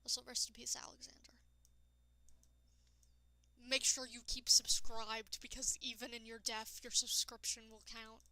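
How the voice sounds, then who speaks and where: A woman streaming a game and chatting casually with her viewers. She talks in a rambling way, addresses chat directly and sounds tired and low-energy. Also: flat delivery, measured pace, long pauses, sharp tone, no echo, rough recording. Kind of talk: casual live-stream chat while gaming.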